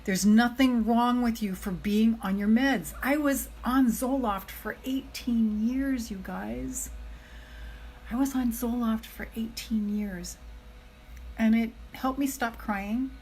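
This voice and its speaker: Her voice is on the high side with a darkish tone, and she takes it slowly, while a little hiss or hum runs through the rough recording. A middle-aged woman, she's giving a live motivational talk as a self-love coach, earnest and chatty, repeating key phrases for emphasis and speaking straight to her viewers.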